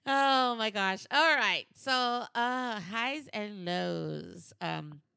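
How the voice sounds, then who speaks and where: A woman's voice: medium pitch, drawn-out words, gravelly, sharp tone, clear, resonant tone, no echo, clean studio sound. A woman co-hosting a podcast in casual chat, playful and slangy, telling stories with quoted voices. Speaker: podcast co-host.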